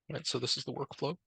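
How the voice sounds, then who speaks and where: A man presenting a live software demo, explaining step by step in a relaxed way with many fillers. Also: mid-range voice, gravelly, husky, dry recording. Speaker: presenter demoing a tool.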